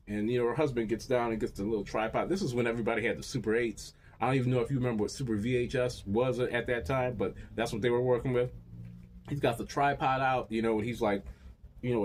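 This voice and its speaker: Crude, rambling comic man. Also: slight background noise. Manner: crude, profane and rambling, with lively pitch swings. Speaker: comedian. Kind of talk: stand-up storytelling.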